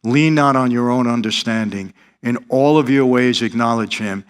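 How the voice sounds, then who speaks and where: A man's voice: medium pitch, moderate pace, smooth. A middle-aged man, telling his life story in earnest, confessional style as an interview guest. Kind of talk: interview testimony.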